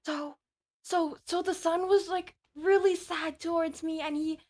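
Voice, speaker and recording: A woman with a high voice joins a tabletop game as one of the players. She talks in an excitable, rambling way, full of fillers and restarts. She sounds casual and animated. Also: a little slow.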